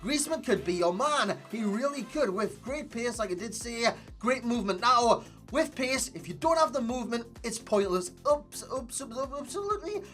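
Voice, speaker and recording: A man's voice: extremely high pitch, lively intonation, moderate pace, hardly any pauses, fairly bright tone. A man with a Geordie accent giving a casual, rambling gameplay review, repeating phrases and joking at his own slips. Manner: chatty and rambling, repeats phrases, jokes at himself. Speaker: video game player reviewer. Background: faint background music.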